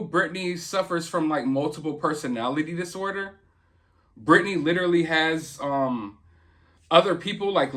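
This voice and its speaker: High-pitched guy ranting casually, earnest and opinionated, kinda rambly. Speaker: host. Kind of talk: casual commentary.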